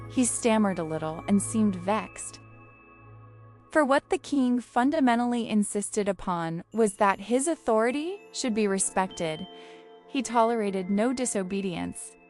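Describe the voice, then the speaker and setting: A woman reads a classic children's story aloud in a calm, measured storybook voice. Her voice sits at a middle pitch, with a faint bed of music underneath. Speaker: audiobook narrator. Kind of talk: storybook reading.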